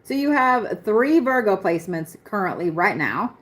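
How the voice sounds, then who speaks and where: A woman's voice: mid-range voice, very animated, normal speed, fairly bright tone. A young adult woman doing a live astrology reading, talking bluntly, swearing and laughing often as she speaks. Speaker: astrology reader. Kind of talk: live-stream chart reading.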